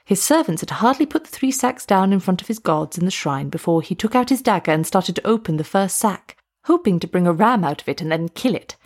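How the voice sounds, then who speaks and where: A woman narrating a story aloud in a steady, measured way. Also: lowish voice.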